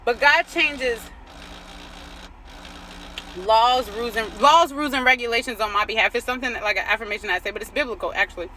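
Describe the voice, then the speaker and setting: Outdoors with vehicles passing by, a woman who coaches on faith shares a personal story in a chatty way, full of "like," "right?" and affirmations about trusting God. Her voice is a little high and sharp, fairly quick with long pauses, and the poor audio has a little hiss or hum.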